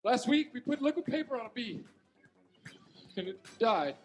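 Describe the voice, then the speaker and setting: A man playing a husky, high-voiced deadpan oddball. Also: normal speed, heavily acted.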